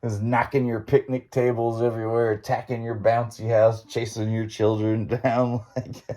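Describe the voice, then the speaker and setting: A man's voice: mid-range voice, little pitch movement, moderate pace, dark tone. A man hosting a podcast, telling a story in an impromptu monologue, rambling along and laughing as he goes. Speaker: podcast host.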